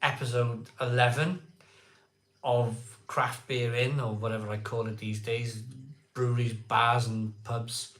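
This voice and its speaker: An excitable man hosting a casual live stream, chatting with viewers, repeating himself and laughing often. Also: medium pitch, measured pace, roomy sound. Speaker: live-stream beer show host. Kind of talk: casual live chat reading viewer comments.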